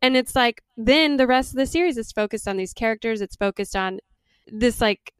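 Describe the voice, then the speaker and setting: Smooth-voiced opinionated woman. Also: fairly high pitch, moderate pace, no echo, clean studio sound. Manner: opinionated, laughs often, "like" fillers. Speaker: podcast co-host. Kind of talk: casual chat reviewing TV shows.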